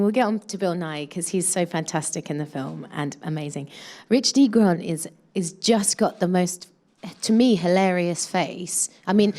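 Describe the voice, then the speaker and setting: A woman's voice: mid-range voice, a little mellow. A woman in her thirties, an actress chatting casually in a press interview, with many fillers and restarts.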